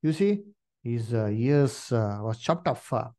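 Animated preacher with a lively voice. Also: male voice, mid-range voice, a little slow. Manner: animated, many "you see" and "uh" fillers; addresses listeners as "dear brethren". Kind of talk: Bible study sermon.

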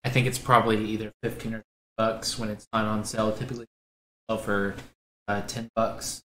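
A man co-hosting a casual gaming podcast, chatting in a relaxed way and describing items. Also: lowish voice, a little fast. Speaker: podcast co-host. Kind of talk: casual chat. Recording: echoey room, faint background noise.

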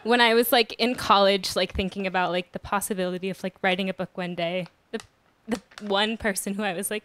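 A woman's voice: medium pitch, fairly even intonation, moderate pace, a bit bright, slight background noise. A woman writer at a literary event, chatting in a giggly, self-deprecating way and then reading her essay aloud.

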